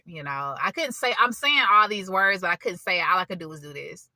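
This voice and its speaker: A woman's voice: fairly low pitch, expressive, fast, hardly any pauses, bright, forceful tone, no room sound. A woman giving a casual personal testimony to her viewers, talking conversationally, calling them y'all and often restarting her sentences. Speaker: faith vlogger.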